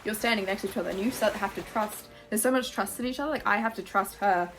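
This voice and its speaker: A young Australian woman in her twenties chatting casually through a Q&A while she plays a game, gushing and animated, full of fillers and swearing. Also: mid-range voice, fast talker, slight background noise. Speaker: YouTuber. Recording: music playing behind.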